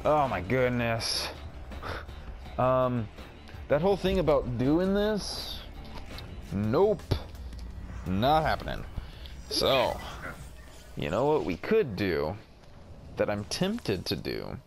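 A man's voice: mid-range voice, wildly swooping pitch, slow pace, pauses often, slight background noise. Easygoing man narrating his gameplay. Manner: chatty, self-deprecating, mild exclamations. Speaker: gaming video host. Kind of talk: casual let's-play commentary.

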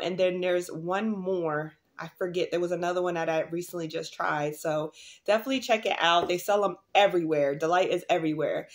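A woman vlogging in a casual, rambling way, full of fillers and restarts, in a tired, groggy morning voice. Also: lowish voice. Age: adult mother. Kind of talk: casual vlog chat.

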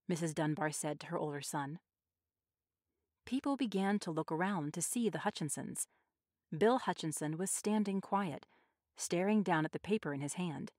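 A woman narrating a short story in a measured, expressive audiobook style. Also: deep voice, dry recording, studio quality.

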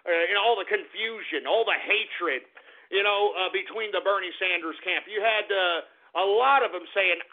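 A man's voice: high voice, moderate pace. Gleeful ranting male radio host. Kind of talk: talk radio rant. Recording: tinny phone-like radio audio.

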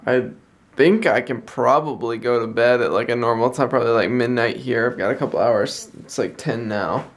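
A man's voice: medium pitch, moderate pace. A young man, vlogging in a chatty, rambling way and often correcting himself as he tells a story. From United States. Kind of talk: casual storytelling vlog.

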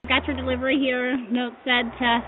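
A woman's voice: high-pitched, flat delivery, a little fast. A young woman delivery driver at a front porch, emotional and thankful, her voice choked up as she talks. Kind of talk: doorstep video. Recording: tinny phone-like sound with clear noise outdoors.

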